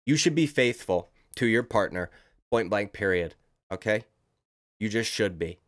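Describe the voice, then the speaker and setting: A man's voice: lowish voice, animated, a little slow, a bit bright. A man giving casual, profane, rambling commentary as a YouTube commentator, talking emphatically.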